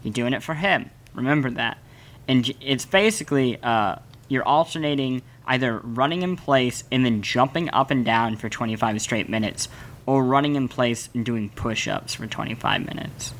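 A man in his twenties co-hosting a casual comedic podcast, talking with wry, deadpan-ish delivery. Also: medium pitch, moderate pace. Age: 20s. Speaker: podcast co-host.

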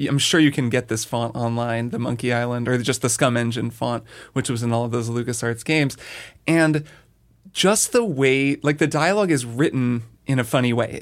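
A man co-hosting a podcast, reflecting thoughtfully in casual chat. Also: medium pitch. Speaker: podcast co-host.

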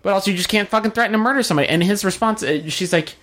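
A man's voice: high-pitched, animated, rapid-fire, few pauses, a bit bright. A man co-hosting a podcast, recapping a show in casual chat with a wry, sardonic manner and casual swearing. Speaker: podcast co-host.

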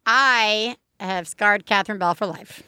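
A woman in her thirties, a podcast co-host, telling a story in casual chat, animated and full of "like". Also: mid-range voice, a little slow, smooth, dry recording, studio quality.

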